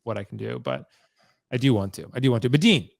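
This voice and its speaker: A man hosting a podcast in casual, slangy chat, quick to joke. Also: mid-range voice, creaky, dry recording. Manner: joking, fast, slangy. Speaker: podcast host.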